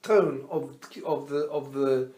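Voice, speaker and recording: Lively rabbi in an echoey room. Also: male voice, mid-range voice, takes it slowly. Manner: animated storyteller, quizzes his listeners; mixes Hebrew terms into his teaching. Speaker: rabbi teaching a class. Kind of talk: Torah class lecture. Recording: roomy echo.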